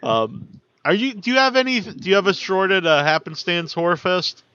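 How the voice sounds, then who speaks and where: A man from Massachusetts hosting a podcast, asking easygoing, halting questions in casual conversation. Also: high voice, expressive, bright, forceful tone, smooth. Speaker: podcast host. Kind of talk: casual interview chat. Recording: dull, dry, lo-fi sound.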